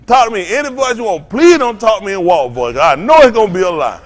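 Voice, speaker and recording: A man's voice: high voice, sing-song, brisk, few pauses, a bit bright. A man preaching an informal sermon, telling a story and acting out both sides of it with lots of laughter. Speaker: pastor.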